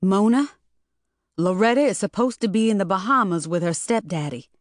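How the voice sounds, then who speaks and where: A woman's voice: mid-range voice, moderate pace, dry recording, studio quality, lightly acted. A woman voicing a worried, determined mother who speaks sharply and insistently. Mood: urgent.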